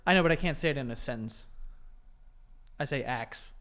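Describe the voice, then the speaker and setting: A laid-back New man rambles through casual podcast chat, swearing freely. His voice sits slightly high. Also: fairly quick, fairly bright tone. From New York. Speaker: podcast co-host.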